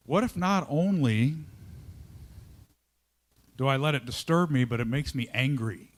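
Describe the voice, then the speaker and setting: Before a live audience, a company leader gives a lively, conversational storytelling talk, checking in with listeners and acting out his own inner voice. His voice is medium-pitched, his pace measured, with long pauses.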